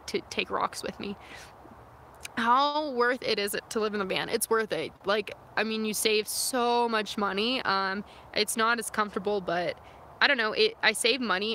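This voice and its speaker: A woman's voice: mid-range voice, pushed and bright, slight background noise. A young woman chatting casually on a phone livestream outdoors, answering viewer comments in a rambling way full of "like" and "um". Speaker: vlogger reading live chat comments. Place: outdoors in the wilderness near her van. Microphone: phone camera.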